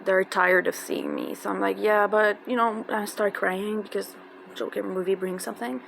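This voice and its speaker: A woman with a tells an emotional personal story in a halting, casual way, with many fillers and restarts. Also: medium pitch, very animated, gravelly, a bit bright. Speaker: fan telling a personal story. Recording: noisy background.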